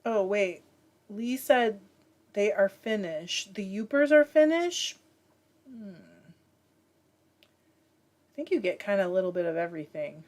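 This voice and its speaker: A woman's voice: medium pitch, a little slow, long pauses, darkish tone. A woman from Michigan hosting a casual livestream, chatting and reading viewer comments aloud with many fillers. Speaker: livestream host reading chat. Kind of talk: casual chat.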